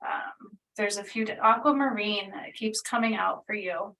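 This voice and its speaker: A woman's voice: medium pitch, measured pace, sharp tone, far from the mic, poor audio. A woman doing a casual spiritual energy reading, talking in a meandering, earnest way full of fillers. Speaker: spiritual healer channeling energy.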